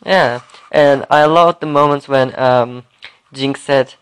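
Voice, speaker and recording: A man co-hosting a casual podcast chat, campy and teasing, with quick asides. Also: medium pitch, smooth. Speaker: podcast co-host.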